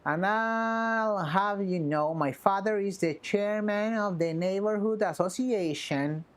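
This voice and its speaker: A woman's voice: medium pitch, slow pace, lightly acted. A woman voicing a pompous self-styled nobleman in his thirties, reading game dialogue in a haughty, archaic way. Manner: haughty, archaic, grandiose phrasing.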